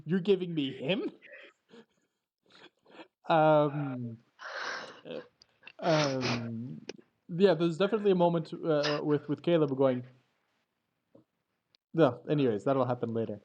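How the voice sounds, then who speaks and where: Halting man running a tabletop game. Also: on the high side, lively intonation, a little mellow, dull audio, a little hiss or hum. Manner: halting, full of fillers and restarts. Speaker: game master.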